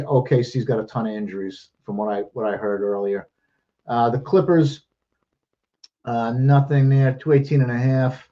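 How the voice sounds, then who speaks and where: A man runs through sports betting lines in fast, loose, profane chat, a little out of breath. His voice sits at an ordinary middle pitch. The recording is dull and lo-fi. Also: dark tone. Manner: rapid-fire, profane, jokey. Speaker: sports betting show host. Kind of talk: casual betting picks chat.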